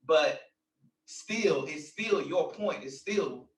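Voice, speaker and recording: A man in a religious discussion, speaking haltingly as he chimes in to back up a point. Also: a little high, expressive, roomy sound, far from the mic, poor audio. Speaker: discussion participant.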